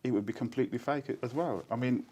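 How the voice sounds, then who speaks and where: A man's voice: medium pitch, quick pace, slightly rough. A man in his sixties from Birmingham, speaking with a Birmingham accent touched by Jamaican speech, telling stories in a casual interview and often laughing. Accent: Birmingham English with Jamaican influence. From Birmingham, England. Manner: animated, laughs often, breaks into quoted voices. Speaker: interview guest, poet.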